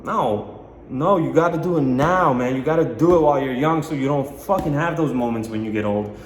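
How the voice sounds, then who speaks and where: A man's voice: mid-range voice, a little fast, a little hiss or hum. Swearing young man in an echoey room. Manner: emphatic, heavy swearing, rambling with fillers. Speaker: podcast host. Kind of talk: motivational monologue. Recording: echoey room with long reverb, faint ambience.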